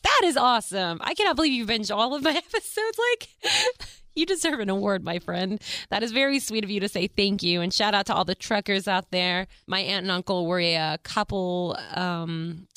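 A woman hosting her own podcast, talking casually and warmly to listeners with frequent laughter. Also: medium pitch, expressive, normal speed, clear, resonant tone, dry recording, studio quality. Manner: chatty, effusive, laughs often. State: tearful. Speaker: podcast host. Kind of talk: casual solo podcast chat.

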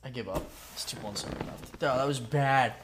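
A man hosting a casual comedy podcast, swearing freely and switching into quick accent impressions during a guessing game. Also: medium pitch, noisy background. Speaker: podcast host.

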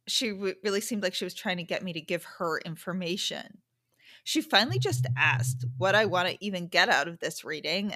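A female podcast host delivers a casual monologue, chatty and frank, tossing in self-correcting asides. Her voice is fairly low with a sharp tone, and the recording is dry and close-miked.

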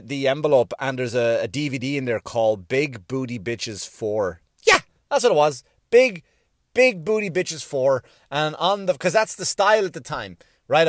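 A middle-aged Irish man telling stand-up stories, swearing freely and stumbling over his own restarts. His voice sits a touch high for a man. The sound is close and dry, with no room around it. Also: no room sound. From Ireland. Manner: rambling, profane, self-mocking, many restarts. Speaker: stand-up comedian. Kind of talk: stand-up comedy routine.

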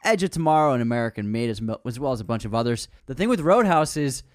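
A man hosting a movie review podcast, talking in a relaxed, easygoing way. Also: medium pitch, fast. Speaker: podcast host. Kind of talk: casual movie review chat.

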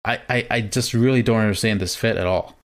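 Young guy cohosting a podcast, kinda low voice, laid back, rambles a bit. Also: a little fast. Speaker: podcast co-host. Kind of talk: casual chat.

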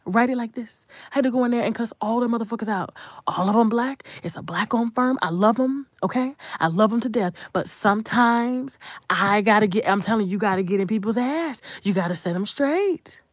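A woman's voice: fairly high pitch, expressive, fairly quick, dry recording, studio quality. Blunt, profane woman ranting. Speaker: content creator. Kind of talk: unscripted commentary rant.

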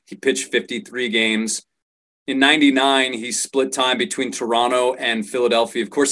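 A man's voice: mid-range voice, a bit bright. A man in casual chat, adding facts and numbers to a friend's story. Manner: factual, reciting numbers. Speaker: co-host reading stats.

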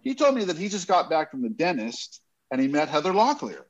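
A man telling a casual, rambling anecdote in an animated way, often restarting his sentences. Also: on the high side, fairly quick, highs cut off. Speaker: guest telling a story.

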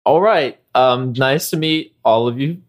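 A man's voice: mid-range voice, unhurried. A man hosting a casual trivia podcast in an upbeat, playful way, laughing easily. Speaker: trivia host.

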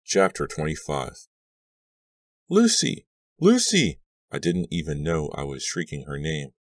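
A man narrating a horror audiobook in a measured, tense reading. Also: rumbling low, fairly even intonation, no echo, clean studio sound.

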